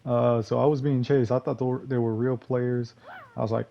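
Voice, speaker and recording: A man's voice: mid-range voice, level tone, normal speed, creaky, highs cut off. A young man from Texas commentating on his own gameplay in a rambling, loose way, full of fillers and curses. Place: home gaming room.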